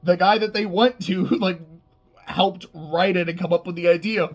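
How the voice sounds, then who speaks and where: A man talking casually about a movie, rambling and excitable, laughing often and swearing freely. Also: sits high, normal speed. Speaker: film reviewer. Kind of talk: casual unscripted movie talk.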